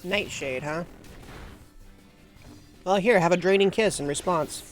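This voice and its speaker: A woman's voice: lowish voice, a little slow, faint music behind. A woman streaming a video game, chatting casually with a self-mocking, laugh-prone manner. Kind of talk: casual live gameplay commentary.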